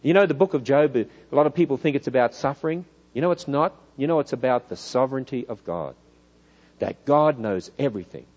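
A middle-aged man with an Australian accent, preaching in a church hall, lively and full of rhetorical questions. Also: medium pitch, a little fast, highs cut off. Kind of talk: church lecture.

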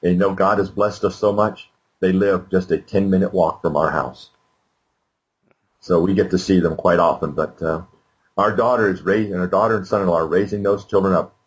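Deep-voiced earnest older man. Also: fairly even intonation, moderate pace, low-quality recording. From United States. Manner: earnest, emphatic. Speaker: guest speaker. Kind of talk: interview answers.

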